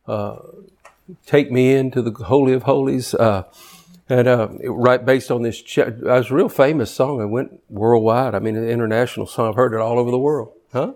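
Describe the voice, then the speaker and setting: An older man preaching a sermon, fervent and building up to near shouting. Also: mid-range voice.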